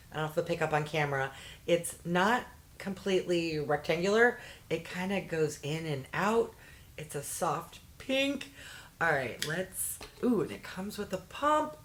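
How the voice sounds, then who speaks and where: Slow-talking, chatty woman unboxing products. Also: on the low side. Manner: chatty, easily delighted, jokey asides. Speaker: unboxing vlogger. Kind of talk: casual product unboxing chat.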